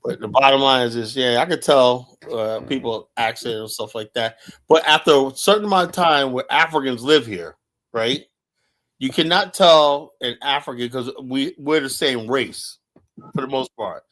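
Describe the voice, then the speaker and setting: A man hosting a podcast, telling stories in a rambling, animated way with plenty of swearing. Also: medium pitch, normal speed. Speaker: podcast host. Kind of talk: casual chat.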